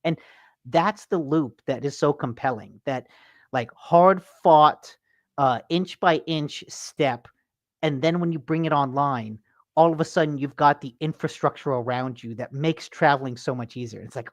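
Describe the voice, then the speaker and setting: A man hosting a casual gaming podcast, an animated storyteller who swears freely. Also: on the high side, a little slow, no room sound. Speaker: podcast host.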